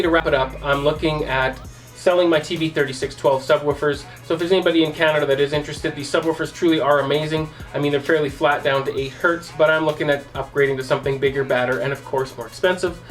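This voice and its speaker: A man hosting a casual home theater vlog, chatting to viewers as "guys" and teasing what comes next, recorded on a camera mic in his home theater room. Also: fairly high pitch. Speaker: home theater channel host.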